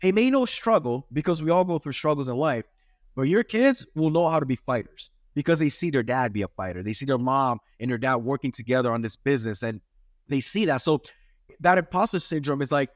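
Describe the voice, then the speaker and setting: Male podcast host, 30s, earnest and preachy, lively pitch, dry close sound. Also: no room sound. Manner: earnest, preachy, lots of "right?" tags. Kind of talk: casual interview chat.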